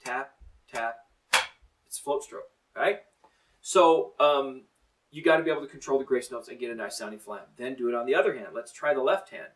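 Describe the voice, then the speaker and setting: A middle-aged man teaches a drum lesson, coaching in an encouraging, plain-spoken way at a middle pitch. He counts the student in and explains each step. The mic sits a little away from him. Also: brisk, recorded from a distance, slight background noise, low-quality recording.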